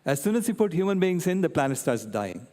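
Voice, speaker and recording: An older man giving a public talk, an animated storyteller who keeps checking in with his audience. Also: a little high, brisk. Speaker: guest speaker. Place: convention centre hall. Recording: long reverb in a large hall.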